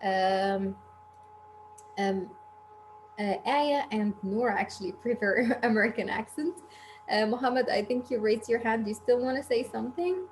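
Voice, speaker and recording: A woman's voice: on the high side, unhurried. A woman hosting a casual online English class over a video call. She encourages students and asks them questions. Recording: noisy video call audio.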